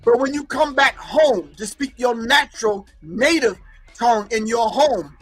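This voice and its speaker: A man's voice: extremely high pitch, a little slow, a bit bright, dry recording, soft background music. A man hosting an online show who comments on archival clips, preaching emphatically and repeating key phrases. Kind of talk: commentary on a recorded lecture.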